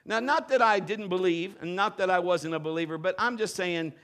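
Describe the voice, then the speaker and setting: High-pitched male preacher with a bright edge; excitable participation sermon to a live church. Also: fairly quick. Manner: animated participation preaching, urging the congregation. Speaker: pastor. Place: church sanctuary with a congregation.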